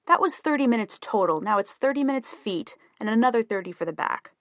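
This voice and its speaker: A woman's voice: on the high side, lively intonation, a little fast, a bit bright, no echo, voice pushed up. Woman reading as a playful young husband. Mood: teasing. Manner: teasing, joking banter. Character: easygoing playful young husband, rock musician.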